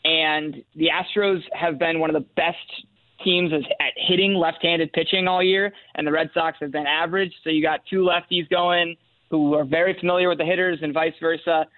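A man phones in to a sports radio show and talks through his betting picks at an easy pace, pausing on fillers as he works out his reasons. His voice sits a little high for a man. The line is thin and tinny and completely dry. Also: no room sound. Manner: relaxed, with fillers and measured reasoning. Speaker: sports betting analyst guest.

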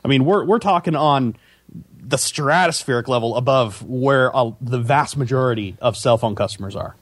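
A man co-hosting a casual tech podcast, explaining things in a measured way with many fillers. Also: medium pitch, dry recording. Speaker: podcast co-host.

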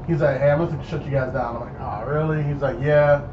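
A young man telling a casual story, animated and acting out the people in it. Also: medium pitch, a little fast. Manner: animated, acts out voices in his story. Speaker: storyteller guest. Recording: echoey dull room with noise.

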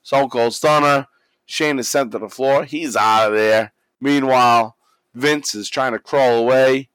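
A man excitedly recapping a wrestling match in casual chat, swearing a lot and acting out the wrestlers' lines. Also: medium pitch, unhurried, clean tone, dry recording. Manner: animated, swears constantly, acts out quotes. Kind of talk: casual profane play-by-play recap.

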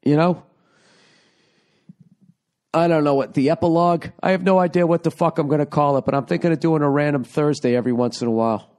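A man's voice: fairly high pitch, fairly quick, pauses often, darkish tone. A middle-aged man hosting his own podcast, rambling and sarcastic as he swears his way through a casual monologue, recorded at home. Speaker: podcast host.

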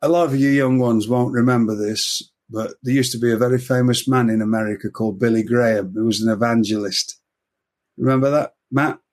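A man's voice: mid-range voice, steady tone, a little fast, darkish tone. An older man with an English accent, chatting casually and telling anecdotes, laughing at his own jokes. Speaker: podcast guest storyteller.

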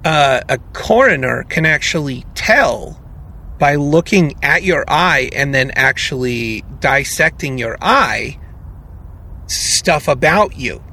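A man's voice: on the high side, lively intonation, slow pace, creaky, sharp tone. A male podcast co-host in casual chat, incredulous and rambling, often restarting his thoughts.

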